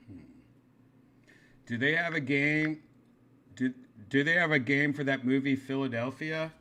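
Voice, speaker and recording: A man's voice: medium pitch, a little slow, pushed and bright. A man in a casual livestream, talking crudely and teasingly. He sounds exasperated and pushy, with a middling voice. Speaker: streamer.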